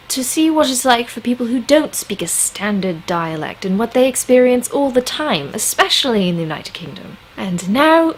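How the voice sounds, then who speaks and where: A woman's voice: a little high, slight background noise. American woman vlogging in a jokey posh british put-on accent, voice bounces around a lot. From United States. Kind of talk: casual educational vlog. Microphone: USB microphone.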